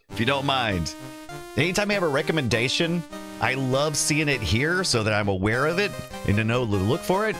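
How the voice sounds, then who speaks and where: Over background music, a man with a mid-range, sing-song voice and slightly quick pace hosts a relaxed retro computer livestream. He rambles, corrects himself, and reads both the chat and on-screen game text aloud.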